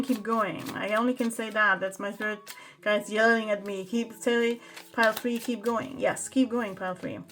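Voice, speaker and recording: A woman talks through a pick-a-card tarot reading at a mid pitch. She chats and exclaims as she turns the cards. Faint music plays in the background. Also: steady tone, normal speed, a bit bright. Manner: chatty, exclaiming over the cards. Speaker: tarot reader.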